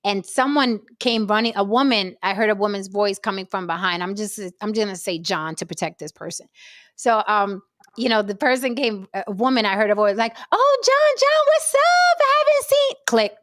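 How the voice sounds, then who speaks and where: A woman hosting a casual talk show, telling stories in an animated, profane way. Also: medium pitch, brisk, no room sound, clean studio sound. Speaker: podcast host. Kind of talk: casual chat.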